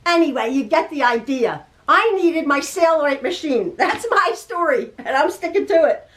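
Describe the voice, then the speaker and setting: A middle-aged woman with a high voice tells a story to camera in a casual, chatty way. She laughs often and wanders off into asides as she goes. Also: animated, moderate pace, a bit bright, slight background noise. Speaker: quilting video host.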